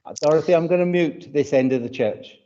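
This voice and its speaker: A man's voice: fairly high pitch, brisk, dark tone, slight background noise. A man with a British accent leading a church livestream, chatty and greeting viewers by name, with a touch of hay fever. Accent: British English. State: hay fever, runny nose. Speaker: church service leader. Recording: dull lo-fi livestream audio.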